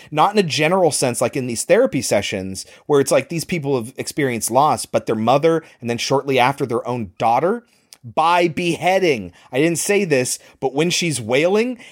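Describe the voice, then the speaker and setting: A man co-hosting a podcast, casually recapping a movie and acting out the characters' lines. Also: mid-range voice. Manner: animated retelling, swears, acts out quoted lines. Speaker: podcast co-host.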